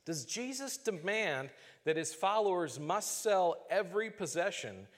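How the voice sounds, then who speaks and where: A man preaching a sermon as pastor, earnest and measured, slowing down to stress key phrases. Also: high voice, big pitch swings, long reverb tail.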